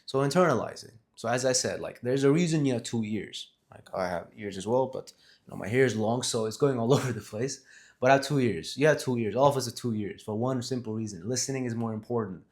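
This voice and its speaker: A man's voice: medium pitch, fast, darkish tone. Guy sitting in front of his camera giving communication tips, mid voice, rambles and corrects himself a lot. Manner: rambling, self-correcting, emphatic. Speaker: vlogger on communication skills. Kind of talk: casual talk to camera.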